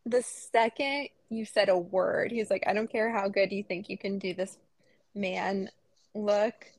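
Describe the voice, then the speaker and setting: This podcast co-host, a woman in her thirties, has a mid-range voice with a steady tone and a measured pace. She tells stories in a chatty, casual way and laughs frequently, and the recording is dry.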